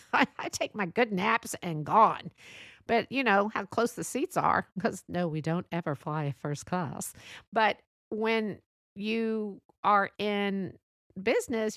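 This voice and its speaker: A woman's voice: medium pitch, animated, unhurried, fairly bright tone, no echo, studio quality. A woman hosting a casual solo podcast, chatty and laughing often, with frequent restarts. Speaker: podcast host.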